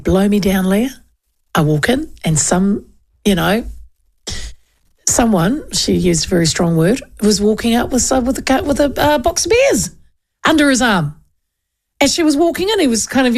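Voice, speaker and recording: A middle-aged woman with a New Zealand accent hosting talkback radio, chatting casually and telling animated stories between listener texts. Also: mid-range voice, creaky.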